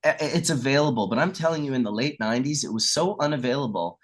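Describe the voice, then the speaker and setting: A middle-aged male guest tells stories in a casual chat, talking fast at medium pitch. He's an animated storyteller who performs the voices of the people he quotes and swears casually now and then.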